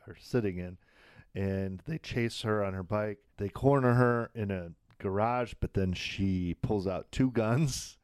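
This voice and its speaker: Low-ish guy chatting about a tv episode, dry sound, keeps laughing while he retells it. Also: darkish tone, clear, resonant tone, no echo. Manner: retells scenes with quick acted quotes, often laughing. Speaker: podcast co-host. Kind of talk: casual chat recapping a TV episode.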